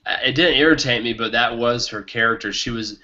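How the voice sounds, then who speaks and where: A man co-hosting a casual book podcast, talking with excitement and laughing often. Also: medium pitch, brisk. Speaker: podcast co-host. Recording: muffled lo-fi podcast audio.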